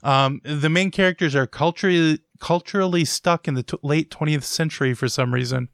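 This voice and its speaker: A man with a slightly high, smooth, crisp voice hosts a casual podcast chat. His humor is dry and teasing, recorded close and dry with no room sound. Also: fairly quick, a bit bright, no echo. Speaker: podcast host. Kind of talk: casual podcast chat, reading listener posts.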